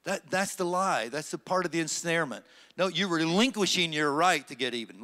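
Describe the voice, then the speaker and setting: A man preaching a sermon as pastor, swinging between loud emphatic stretches and low, conversational asides. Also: animated, a little fast. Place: church sanctuary.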